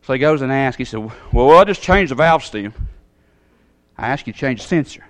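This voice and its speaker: A man telling a long personal story in a sermon, in a folksy, animated way with sudden jumps in pitch. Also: a little fast.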